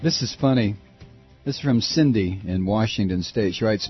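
A man's voice: fairly low pitch, normal speed, husky, soft background music. A middle-aged man hosting a political talk radio show, speaking in an impassioned, emphatic way with many restarts. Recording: dull, lo-fi radio audio.

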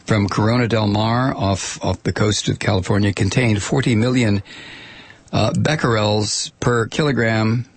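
Guy with a husky voice doing a sardonic rant, dry close sound. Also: on the low side, fairly even intonation, unhurried, dry recording. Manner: wry and sardonic, with asides. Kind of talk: informal spoken commentary.

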